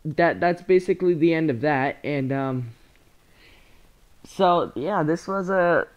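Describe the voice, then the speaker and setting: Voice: mid-range voice, slow pace, muffled recording. A young speaker telling a casual storytime, rambling with slang and frequent laughter. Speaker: storyteller vlogger.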